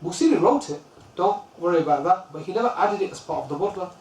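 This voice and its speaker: A man from the UK gives a lesson on classical poetry, telling stories and rattling off chanted verses. His voice sits a little high. The room is echoey and the mic is some distance away, with faint ambience behind. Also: lively intonation, darkish tone. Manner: storytelling, chants lines of verse quickly. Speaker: religious teacher.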